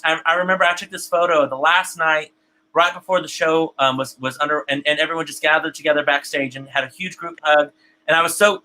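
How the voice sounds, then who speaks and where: Male stream host, bright and slightly high, chatty, repeats himself, emotional, on a video call. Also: rough recording. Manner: chatty, repeats words often, gets emotional. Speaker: host of an online theater broadcast. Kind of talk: live-stream host reading viewer comments.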